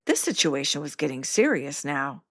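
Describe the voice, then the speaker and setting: A woman's voice: low-pitched, big pitch swings, normal speed. A woman, the podcast host, reading her memoir aloud in the first person, with wry self-mocking humor.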